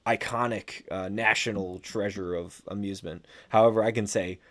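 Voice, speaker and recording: A man's voice: fairly low pitch, fairly even intonation, normal speed. A man hosting a podcast in casual chat, telling jokey stories in a laid-back way and saying bro and man. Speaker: podcast host.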